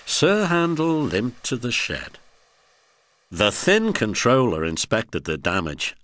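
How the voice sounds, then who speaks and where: A man narrating a children's story, slow and expressive. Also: medium pitch, no room sound.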